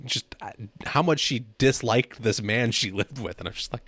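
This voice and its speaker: A man hosts a relaxed podcast chat in an easygoing way and often laughs along. His voice sits at a middle pitch, and the recording is dry and close, with no room sound. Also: normal speed, no echo. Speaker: podcast host. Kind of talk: casual interview chat.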